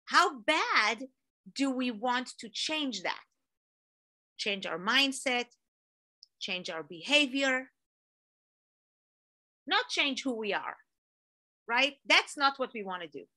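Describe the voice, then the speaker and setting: Bright, energetic woman motivational speaker. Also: high-pitched, slow, long pauses. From Israel. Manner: energetic, animated storytelling with rising emphasis. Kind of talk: motivational talk to an online audience.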